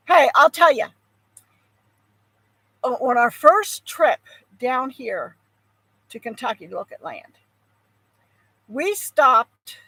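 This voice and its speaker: A woman's voice: a little high, pushed and bright, no room sound, low-quality recording. An older woman hosting a homestead channel, chatting casually with viewers in a rambling way, with frequent ums and sighs. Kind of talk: casual chat, answering viewers.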